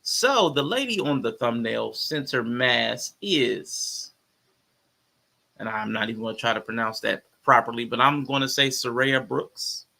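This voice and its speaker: A male commentary host with a gravelly, fry-laden voice and a bright, forward tone. He talks loosely and conversationally, addressing his audience as y'all and reacting to chat. The pitch sits in an ordinary middle range for a man. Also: animated, unhurried.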